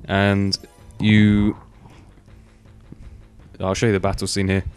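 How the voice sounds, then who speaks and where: Low-voiced guy rambling over gameplay. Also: monotone, fairly quick, clear, resonant tone, faint music behind. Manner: rambling, swears casually, many fillers. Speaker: gaming video host. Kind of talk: casual gameplay commentary.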